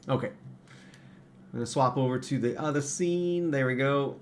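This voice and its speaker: A man's voice: medium pitch, normal speed, long pauses, slight background noise. A man hosting his own livestream, talking casually and rambling with many fillers and restarts at his computer. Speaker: livestream host and parts maker.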